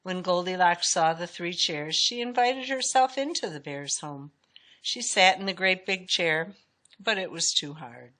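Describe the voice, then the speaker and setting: Woman reading a kids' story out loud, lowish voice, expressive, swingy delivery. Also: measured pace. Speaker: storybook reader. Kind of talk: reading a children's story aloud.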